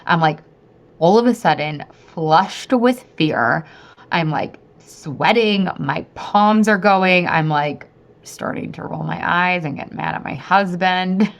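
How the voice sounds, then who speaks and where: A woman in her thirties hosting a podcast, telling a story in a chatty, animated way and often talking straight to her listeners. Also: fairly low pitch, takes it slowly, gravelly. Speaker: podcast host and weight-loss coach. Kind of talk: casual storytelling monologue.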